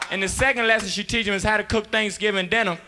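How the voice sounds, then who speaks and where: A young man doing a loud, rowdy stand-up comedy set, laughing between punchlines. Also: high voice, steady tone, quick pace, a crowd in the background.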